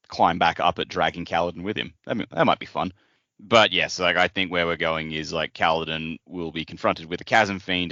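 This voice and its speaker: Deep-voiced man with a bright, forceful edge. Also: dry recording. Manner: relaxed, musing speculation with fillers. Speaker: podcast co-host. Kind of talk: casual chat. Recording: dry, dull lo-fi podcast audio.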